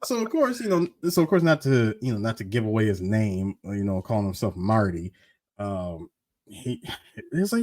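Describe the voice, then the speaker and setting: A man's voice: lowish voice, very animated, a little mellow. A man co-hosting a podcast, pushing back and arguing his points in casual movie banter. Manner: argumentative, quick to push back. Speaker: podcast co-host.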